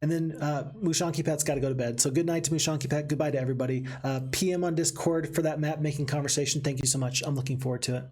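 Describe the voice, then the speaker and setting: Male game streamer, slightly high husky voice, talkative, reads chat aloud, light background music. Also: fast talker, few pauses. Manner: chatty, reads chat aloud, excitable outbursts. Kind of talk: live game commentary with chat.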